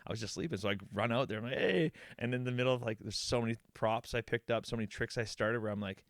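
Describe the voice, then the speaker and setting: A man, a guest on a comedy podcast, telling casual stories with quick, trailing sentences. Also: mid-range voice, level tone, no room sound, studio quality.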